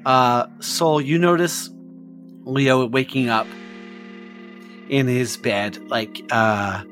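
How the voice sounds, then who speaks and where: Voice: medium pitch, drawn-out words, a bit bright, faint music behind. A game master narrating a tabletop scene in casual, filler-heavy talk.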